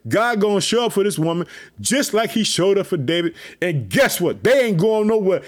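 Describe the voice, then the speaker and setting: A man hosting a podcast, giving animated, preachy commentary on a Bible passage with lots of repeated catchphrases. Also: high voice, moderate pace. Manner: energetic, preachy, repeats "let me tell you something". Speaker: podcast host.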